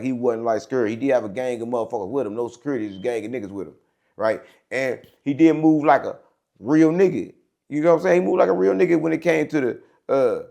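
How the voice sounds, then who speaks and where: A man's voice: mid-range voice, vocal fry. A man hosting his own show, telling a rambling story in a casual monologue and checking in with his audience as he goes. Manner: rambling, repeats "right?" and "gang", animated. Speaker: show host.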